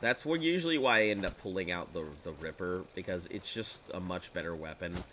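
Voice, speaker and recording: A sick, slightly congested man rambles through casual gameplay commentary, tossing off jokey asides. His voice is very low yet bright and forceful. A faint hiss sits under the recording. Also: fairly quick. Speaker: gaming streamer.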